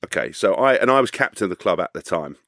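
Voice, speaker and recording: A man's voice: low-pitched, lively intonation, fast, vocal fry, a bit bright, no echo, studio quality. A man telling a rambling anecdote in casual chat, laughing, restarting and swearing as he goes. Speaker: guest telling a story.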